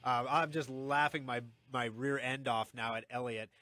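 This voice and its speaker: A man hosting a radio talk show, excited and energized, talking fast with frequent restarts and repeated words. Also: medium pitch. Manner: excited, fast talker who restarts often. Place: radio studio. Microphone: studio microphone.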